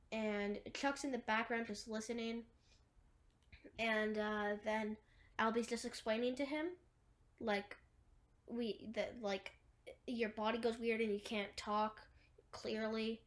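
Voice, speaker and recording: A woman's voice: fairly high pitch, fairly even intonation, measured pace. A woman retelling a film scene by scene in a rambling, casual way, full of "like" and restarts. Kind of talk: casual movie recap.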